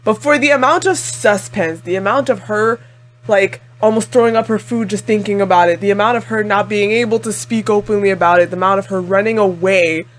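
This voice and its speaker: A woman's voice: mid-range voice, a little fast. A woman chatting through a casual anime reaction video, talking expressively with lots of "like" and frequent laughs. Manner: chatty and expressive, heavy use of "like"; laughs often, exclaims at the screen.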